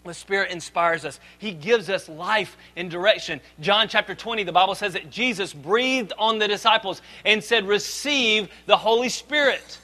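Pastor guy in his 30s preaching, pretty high voice, bright and ringing, gets loud then drops quiet. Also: normal speed, hardly any pauses, low-quality recording. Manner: lively preaching, swings between loud emphasis and soft asides. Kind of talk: sermon.

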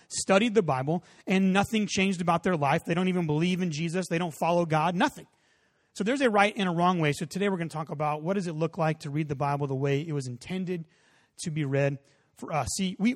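Pastor guy in his 30s giving a sermon, kinda high voice, chatty, punches up then goes quiet. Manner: conversational preaching, rising emphatic peaks, soft drop-offs.

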